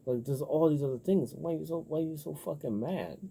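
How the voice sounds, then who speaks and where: Very dark, husky-voiced man rambling. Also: on the high side, a little fast. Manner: profane, loose and rambling, heavy on filler words; animated when riled up. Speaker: vlogger. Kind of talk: rambling casual monologue.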